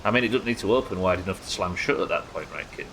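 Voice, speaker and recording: A man's voice: low voice, quick pace, noisy background. A man chatting casually while streaming a game, crude and joking, laughing often. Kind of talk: casual live-stream chat.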